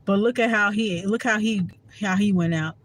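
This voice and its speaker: A spiritual vlogger from around Washington DC speaks casually to camera, rambling candidly, swearing freely and filling gaps with fillers. His high-pitched voice is a bit bright and moves at a moderate pace, and the recording is rough.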